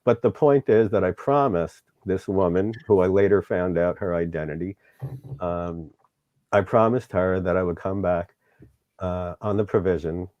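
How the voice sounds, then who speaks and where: A man's voice: low voice, moderate pace, no room sound, lo-fi sound. A middle-aged man, host of the show, candidly recounting a personal story in an interview and acting out the dialogue, sometimes getting emotional.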